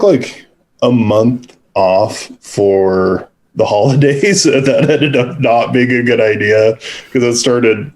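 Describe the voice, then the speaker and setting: Man, guest, slow speech, hesitant, fillers, low voice. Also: a little mellow. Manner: hesitant, laughs easily, many fillers. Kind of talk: video call interview.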